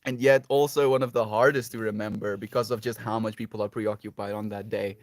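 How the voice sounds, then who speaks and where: A man's voice: fairly low pitch, steady tone, brisk, no echo. A sleep-deprived man rambling affectionately on a livestream, reading chat aloud and laughing often.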